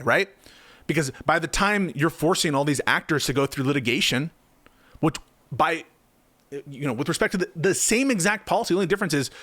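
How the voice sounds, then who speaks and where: A man's voice: fairly high pitch, a bit bright, dry recording. Heated, sarcastic male political commentator. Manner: heated, sarcastic, rhetorical questions.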